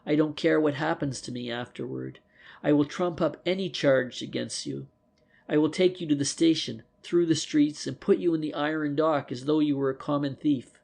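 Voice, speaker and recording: A man voicing a determined young plainclothes policeman in a detective audiobook, speaking earnestly and forcefully. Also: fairly high pitch, normal speed, vocal fry. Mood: intense.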